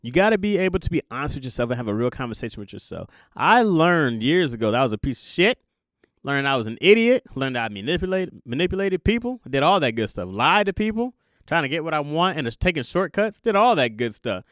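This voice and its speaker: A young man hosting a podcast, talking through a casual confessional monologue in an animated, jokey way and laughing at himself. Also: fairly high pitch, fast talker, no room sound, studio quality. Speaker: podcast host.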